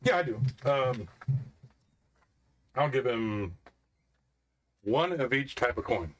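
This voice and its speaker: A man's voice: mid-range voice, expressive, slow, fairly bright tone. Bantering man playing a tabletop game. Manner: jokey, bantering. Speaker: player.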